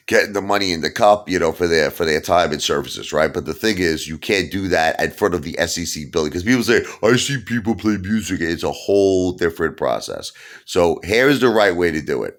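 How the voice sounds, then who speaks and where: A man in his fifties with a Brooklyn accent, ranting loudly and heatedly in a vlog monologue, breaking into shouts. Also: low voice. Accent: Brooklyn New York. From Brooklyn, New York. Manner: loud, heated, bursts into shouting. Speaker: YouTube vlogger.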